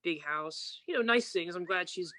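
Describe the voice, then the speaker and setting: A woman's voice: fairly low pitch, expressive, normal speed, bright, forceful tone, slight background noise. Candid woman telling loose stories. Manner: candid, loose storyteller, mimics people. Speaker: guest musician. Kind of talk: casual podcast chat.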